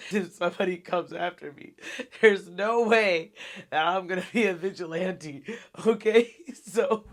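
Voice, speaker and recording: Guy chatting about horror movies, bright tense voice, bit higher than most, rambly and blunt. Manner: rambling, frank, swears and laughs often. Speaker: horror film reviewer. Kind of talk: casual film review monologue.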